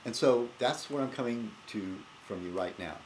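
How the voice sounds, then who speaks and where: A man's voice: medium pitch, moderate pace, darkish tone, a little hiss or hum. A man hosting his own casual video blog and rambling in a self-deprecating way with frequent chuckles, recorded on a laptop webcam. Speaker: video blogger host. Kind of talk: casual vlog chat.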